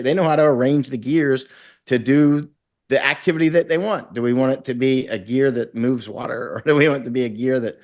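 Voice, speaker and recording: A middle-aged man from Florida speaks as an interview guest at an ordinary pitch. He talks intensely and rambles, slipping into acted-out quotes as he goes. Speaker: guest, war correspondent. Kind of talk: conversational interview.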